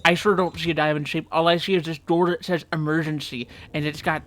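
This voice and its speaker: A man's voice: fairly high pitch, little pitch movement, a little fast, hardly any pauses, a bit bright. A man at his computer desk giving playthrough commentary, getting more and more exasperated and ranting to himself as he plays. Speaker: gaming channel host. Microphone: desk microphone.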